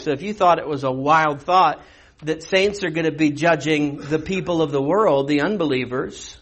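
A man's voice: on the high side, moderate pace, fairly bright tone, rough recording. A man preaching a sermon in a conversational way, reading scripture and breaking into sudden emphatic bursts. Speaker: pastor.

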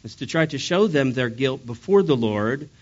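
A man's voice: mid-range voice, expressive, moderate pace. A man preaching a sermon, his voice strained from sickness, telling a story with wry humor. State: strained voice from illness. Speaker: pastor. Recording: dull lo-fi sound.

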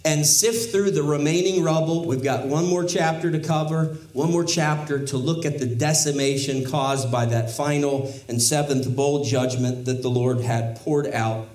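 A man's voice: medium pitch, unhurried, darkish tone, echoey room, poor audio. A man preaching an expository sermon, teaching in a conversational way with wry asides and emphatic rises in his voice. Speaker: pastor.

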